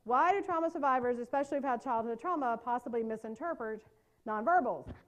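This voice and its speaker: A woman giving a live workshop lecture on trauma-informed care. She talks in a lively, conversational way and keeps checking in with her listeners. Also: a little high, a little fast.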